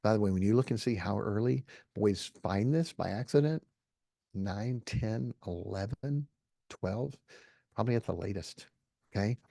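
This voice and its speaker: A man's voice: fairly low pitch, normal speed, creaky, dark tone, dry recording, clean studio sound. A middle-aged man giving an earnest, folksy Christian talk to a live audience, often checking in with "okay?". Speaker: Christian speaker.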